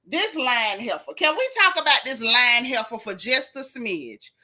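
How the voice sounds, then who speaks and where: Sassy, bright-voiced woman gossiping. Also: on the high side, measured pace. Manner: sassy, animated, reads chat aloud. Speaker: show recap host. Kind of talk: casual gossip commentary.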